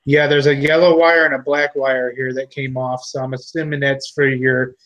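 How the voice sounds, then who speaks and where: A man's voice: mid-range voice, level tone, normal speed, fairly bright tone. A man in casual chat who thinks aloud and asks questions while he works on a drone. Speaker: hobbyist building a drone on stream. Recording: dull lo-fi sound.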